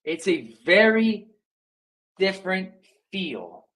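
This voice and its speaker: Energetic man coaching live, higher voice. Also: slow pace, low-quality recording. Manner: energetic, addresses viewers directly, acts out phone scripts. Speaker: sales coach. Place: indoor livestream.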